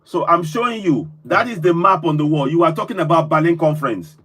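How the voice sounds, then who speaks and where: A man's voice: a little high, fairly quick, bright, forceful tone. A man hosting a live call-in stream, effusive and full of repeated thanks. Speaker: host.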